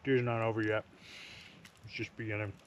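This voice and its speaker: A man's voice: lowish voice, flat delivery, fairly quick. Easygoing man camping outdoors. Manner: easygoing, talks to camera while cooking, sometimes murmurs softly. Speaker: camping vlogger. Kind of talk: casual solo camping vlog. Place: forest campsite outdoors by a fire. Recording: outdoor noise in the background.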